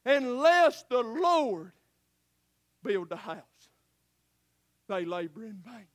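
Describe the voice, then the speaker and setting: High-pitched preacher, shouting sermon. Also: male voice, big pitch swings, slow, no echo, clean studio sound. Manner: swings from shouting to hushed, tearful asides, calls listeners honey.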